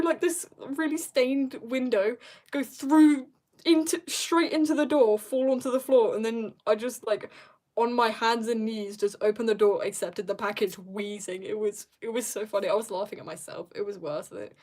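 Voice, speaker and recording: A woman's voice: on the high side, steady tone, brisk, a little mellow. A teenage girl chatting casually on a drawing livestream, rambling and laughing at herself as she tells stories. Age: teens. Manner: rambling, self-mocking, giggly storytelling. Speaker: streamer.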